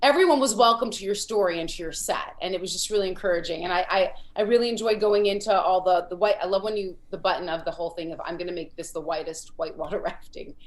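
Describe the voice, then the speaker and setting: A woman's voice: medium pitch, fast talker, few pauses. Woman host giving encouraging feedback. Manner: warm praise, rambling with fillers and restarts. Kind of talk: encouraging comedy feedback over a video call. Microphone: video call.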